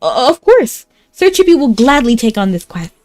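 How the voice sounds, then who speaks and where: A woman's voice: fairly high pitch, very animated, normal speed, a little mellow, no echo, soft background music, pitched above the performer's own voice. A woman voicing a brave but easily scared male hamster knight who talks about himself in the third person. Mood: nervous.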